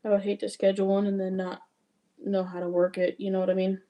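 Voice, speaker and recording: A woman's voice: mid-range voice, monotone, fast, warm tone. A woman from Wyoming with a mixed Wyoming and Southern accent, chatting casually on a livestream and answering viewer comments. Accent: mixed Wyoming and Southern Louisiana. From Wyoming, USA. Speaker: cross-stitch livestreamer.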